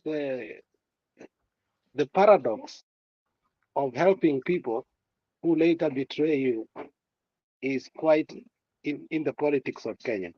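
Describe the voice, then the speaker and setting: A man's voice: fairly high pitch, takes it slowly, long pauses, dry recording, lo-fi sound. A man giving political commentary in a passionate way, repeating words and using many fillers. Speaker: guest commentator.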